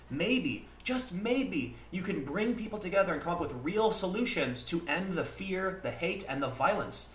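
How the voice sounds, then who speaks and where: A livestream host speaks in a fairly high, expressive, bright voice, moving a little fast. He gives earnest, casual commentary and acts out back-and-forth exchanges, recorded with a roomy echo and faint background noise.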